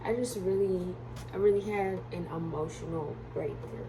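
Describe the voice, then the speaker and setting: A woman vlogging at home who coos at her children in high baby talk and then speaks earnestly about her faith. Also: moderate pace, background noise. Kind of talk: casual family vlog and personal testimony.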